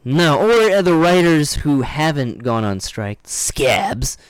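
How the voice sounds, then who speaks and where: A young man co-hosts a podcast in easygoing, rambling chat, often drifting into fillers. His pitch swings up and down animatedly. The sound is close and dry, with no room around it. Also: slow pace, clear, resonant tone, dry recording. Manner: rambling, relaxed, trails off into fillers. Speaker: podcast co-host. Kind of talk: casual chat.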